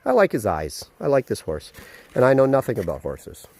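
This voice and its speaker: A man vlogging casually outdoors at a horse paddock, excited and chatty, with lots of fillers, filmed on a handheld phone. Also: medium pitch, a little fast. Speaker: vlogger, dog trainer. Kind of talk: casual vlog to camera.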